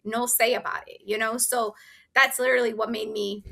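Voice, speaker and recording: A woman, a business owner being interviewed, telling her story in an animated, emphatic way. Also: a little high, a little fast, gravelly. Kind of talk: casual interview chat.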